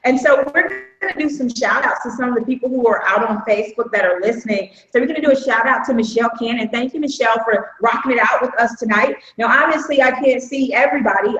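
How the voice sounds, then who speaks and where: A woman's voice: a little high, fairly bright tone, highs cut off. Upbeat woman hosting an echoey live stream. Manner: upbeat, chatty, folksy y'all. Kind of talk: casual live-stream chat.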